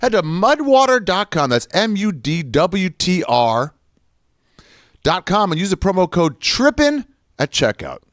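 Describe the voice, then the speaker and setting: A man's voice: sits high, big pitch swings, measured pace, a bit bright, dry recording, clean studio sound. A male podcast host reading an ad in a jokey, profane way with silly asides. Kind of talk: ad read.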